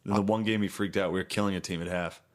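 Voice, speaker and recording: A man's voice: low voice, fairly even intonation, quick pace. A young man co-hosting a podcast, telling sports stories in crude, casual talk and swearing freely. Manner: drawling, swears, acts out quotes. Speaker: podcast co-host. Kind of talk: casual crude chat, storytelling.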